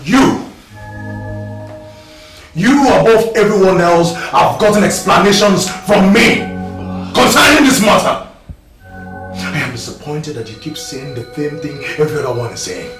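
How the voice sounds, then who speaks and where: A man's voice: sits high, very animated, a little slow, pauses often, roomy sound, far from the mic, faint music behind, exaggerated voice. An actor playing a hot-tempered young man who defends his family, with a Nigerian English accent. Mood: indignant. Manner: heated, shouting, indignant. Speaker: actor in a film.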